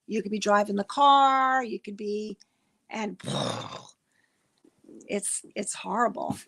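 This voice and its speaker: A woman's voice: medium pitch, slow pace, long pauses, a bit bright. A middle-aged woman hosting a livestream, chatting casually with her viewers in a rambling way and often restarting her words. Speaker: livestream host. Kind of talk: casual livestream chat with chat readers.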